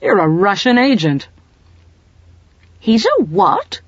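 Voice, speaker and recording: A narrator voicing a sardonic, quick-witted male agent who talks in amused, emphatic bursts, in an audiobook reading. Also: medium pitch, dry recording, voice pushed up, close to an everyday voice. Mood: excited. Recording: dull lo-fi audiobook recording.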